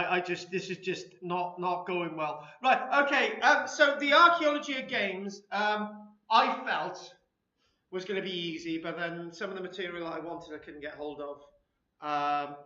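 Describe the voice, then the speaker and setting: Male lecturer, high and bright, rambling and self-mocking; echoey, lo-fi room recording. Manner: chatty, self-deprecating, rambling anecdotes. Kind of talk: informal lecture with audience chat. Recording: echoey room, dull lo-fi sound.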